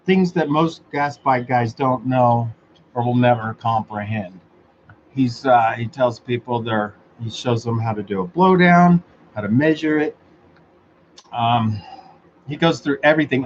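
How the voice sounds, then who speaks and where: Sarcastic man, lo-fi chatter. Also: mid-range voice. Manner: sarcastic, laughs often, swears freely. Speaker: host of a motorized bicycle talk show. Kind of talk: casual solo chat. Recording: dull lo-fi sound with faint background noise.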